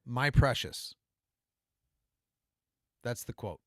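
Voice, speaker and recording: Steady, patient male podcast quizmaster. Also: mid-range voice, very slow, no room sound, clean studio sound. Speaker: podcast co-host running a quiz. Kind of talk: casual live podcast chat.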